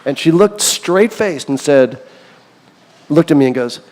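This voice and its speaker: A man's voice: a little high, expressive, unhurried, long pauses, a little mellow. Candid rambling man in a reverberant room. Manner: candid, rambling, self-deprecating, laughs often. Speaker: songwriter guest. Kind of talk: casual interview.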